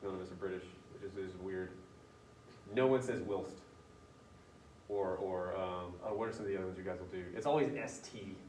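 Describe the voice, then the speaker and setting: Editing a student's paper out loud, this man leads an easygoing writing class in a deep, steady, slightly mellow voice, speaking quickly with few pauses. Captured from afar in a spacious classroom, the audio carries slight background noise.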